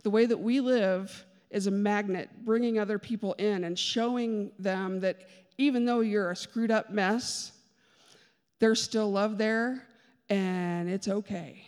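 Speaking unhurriedly in a steady, medium-pitched voice that is darkish, clear and resonant, a woman delivers a conversational church sermon. She shares personal testimony, self-deprecating and chatty, with joking asides, amid the long reverb of a large hall.

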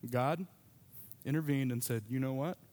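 A man's voice: mid-range voice, normal speed, darkish tone. Man preaching a conversational sermon. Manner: conversational storytelling with asides. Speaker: pastor.

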